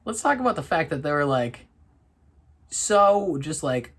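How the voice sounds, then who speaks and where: A man talking through his thoughts at a slow, unhurried pace. His casual commentary is loose and rambling, full of little laughs, fillers and restarts. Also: on the high side, sing-song, a bit bright. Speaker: reaction video host.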